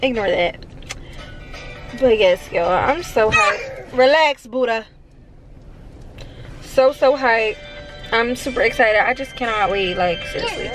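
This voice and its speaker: A young woman, chatting excitedly to camera in a casual vlog. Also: on the high side, measured pace, music in the background. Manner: chatty, excitable, says "y'all" a lot. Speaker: vlogger.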